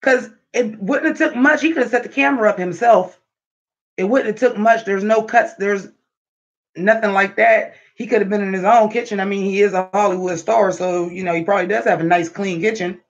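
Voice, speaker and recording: A man chatting casually to his viewers on a livestream, animated and profane, talking straight at them. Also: sits high, a little fast. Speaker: livestream vlogger. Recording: dull lo-fi livestream audio.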